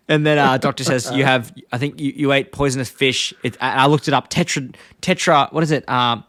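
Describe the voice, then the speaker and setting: A young man co-hosting a podcast, rambling through a plot recap and dropping into quick impressions of the characters. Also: mid-range voice, steady tone, a bit bright, no echo, studio quality. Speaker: podcast co-host. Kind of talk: casual chat.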